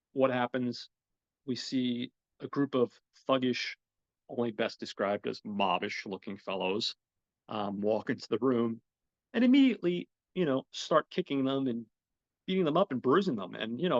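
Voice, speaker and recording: A man hosting a podcast who rambles through a story in a chatty, loose way, full of fillers and casual swearing. His voice sits at an ordinary middle pitch. The sound is dry and slightly dull, with a lo-fi edge. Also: no echo. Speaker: podcast host reviewing a graphic novel.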